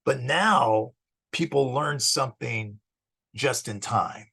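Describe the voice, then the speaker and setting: Middle-aged man, gravelly and husky, a relaxed rambling teacher for an intro course. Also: mid-range voice, slow. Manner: conversational, digressive, restarts phrases. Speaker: psychology teacher. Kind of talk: casual lecture introduction.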